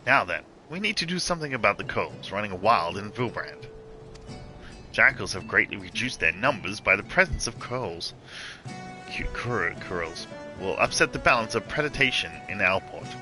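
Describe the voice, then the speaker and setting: A man voicing a stern, dutiful guard officer in a formal, measured way. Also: fairly low pitch, lively intonation, pushed and bright, soft background music, low-quality recording. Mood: grave. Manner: formal, measured reading of quest dialogue.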